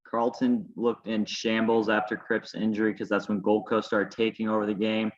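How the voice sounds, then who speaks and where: A man's voice: on the low side, little pitch movement, normal speed. A man co-hosting a casual sports podcast, making confident picks and teasing his co-host. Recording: echoey lo-fi home recording.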